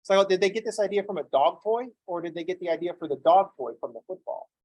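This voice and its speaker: A man's voice: high voice, quick pace, darkish tone, husky, no room sound, poor audio. A man teaching a math class, talking emphatically and drifting into self-deprecating stories. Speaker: math instructor. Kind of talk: lecture with digressive anecdotes.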